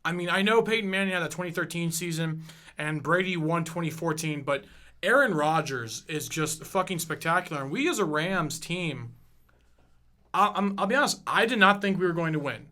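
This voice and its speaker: Casting: high, bright-voiced man in his 20s, profane podcast host, rants with fired-up emphasis. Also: lively intonation, normal speed. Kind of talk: casual sports rant.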